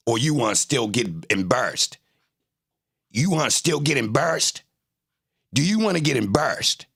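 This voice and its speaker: Reacting to trial footage on a livestream, a man argues with his chat, taunting them confrontationally and repeating his jabs. His voice is medium-pitched and gravelly, with a fairly bright tone and a breathy edge.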